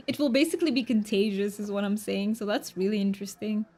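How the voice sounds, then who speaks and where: A woman's voice: medium pitch, a little fast, dark tone. A woman whose first languages are Romanian and Hungarian, chatting casually on a game stream and answering chat aloud.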